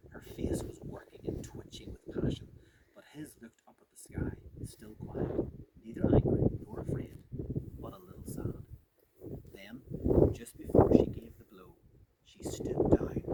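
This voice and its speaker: A man's voice: high voice, sing-song, a little slow, creaky. A man giving a dramatic live reading of a storybook as a storyteller and tour guide, adding playful asides. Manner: dramatic, with joking asides to listeners. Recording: far from mic with loud outdoor noise.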